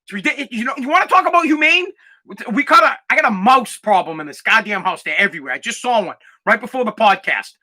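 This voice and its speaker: A man's voice: very high voice, animated, fast, pushed and bright. A young man hosting a podcast, telling stories in a brash, profane, emphatic way. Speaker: podcast host. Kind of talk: casual storytelling chat.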